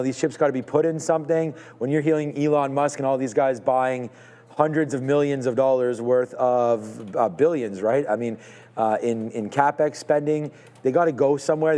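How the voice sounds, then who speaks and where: A man's voice: mid-range voice, warm tone, big-room sound. A man co-hosting a live stock market show, talking through trades in a hedging, thinking-aloud way with many fillers.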